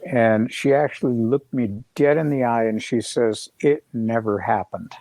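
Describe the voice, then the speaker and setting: A middle-aged man telling a story as a guest on a live video call, rambling and halting with many fillers and restarts. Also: medium pitch, fairly even intonation, mellow, no room sound.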